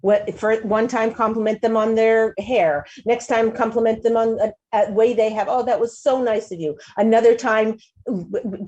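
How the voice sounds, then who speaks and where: A woman hosting a talk show, giving casual advice in an animated way, often restarting sentences and acting out quotes in a higher voice. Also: dull audio.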